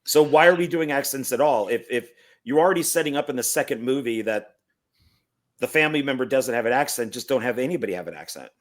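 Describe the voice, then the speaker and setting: Measured man explaining film trivia. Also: mid-range voice, animated. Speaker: podcast host. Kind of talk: casual film review chat.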